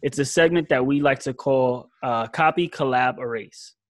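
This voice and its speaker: A man's voice: medium pitch, normal speed, dry recording. Man hosting a podcast segment, dry sound. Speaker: podcast host.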